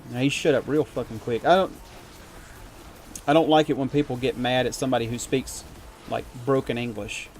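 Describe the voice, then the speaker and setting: A young man streaming a game, talking loosely and swearing often, his voice sitting at an ordinary middle pitch. He rambles through stories and gets heated when something annoys him. Faint music plays behind him. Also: steady tone, fairly quick, pauses often. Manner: profane, rambling, heats up when ranting. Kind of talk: casual live-stream chat while gaming.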